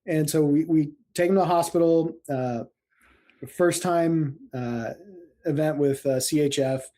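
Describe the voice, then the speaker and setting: Man from central Illinois, paramedic guest, fairly high pitch, mellow tone, animated storyteller. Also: unhurried. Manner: animated, laughs often, acts out quotes. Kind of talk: casual storytelling interview.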